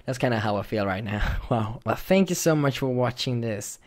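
Rambling man in soft-spoken game commentary. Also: mid-range voice, lively intonation, normal speed. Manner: rambling, emotional, trailing off softly. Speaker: gaming YouTuber.

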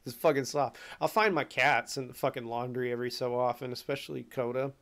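A man talking casually and profanely on a stream, telling animated stories. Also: medium pitch, brisk. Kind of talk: casual rant.

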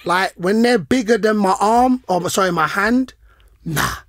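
Brief: middle-aged man, podcast co-host, high voice, dry close sound, slangy and animated. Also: measured pace, dry recording. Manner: animated, slangy, acts out quoted lines. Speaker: podcast co-host, former footballer. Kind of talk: casual chat, storytelling.

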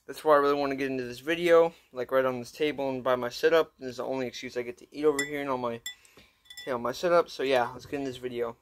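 A man talks loosely and excitedly in street slang, pausing to eat between remarks. He is filming a casual food review at his desk at home, with a middle-pitched voice. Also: a little hiss or hum. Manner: slangy and excitable, eating while talking. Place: at his desk setup indoors.

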